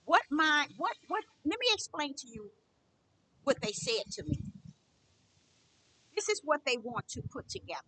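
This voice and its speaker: A middle-aged woman preaches with a high, bright voice that swings widely up and down. She speaks emphatically and repeats herself as she testifies. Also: sing-song, a little slow, long pauses. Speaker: spiritual teacher. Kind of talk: preaching monologue.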